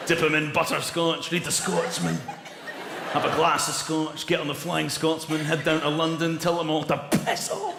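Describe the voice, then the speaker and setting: A man doing a stand-up comedy set, mocking and animated, talking straight to the audience in a live venue. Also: fairly high pitch, normal speed, gravelly, very noisy. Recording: echoey hall with loud crowd laughter.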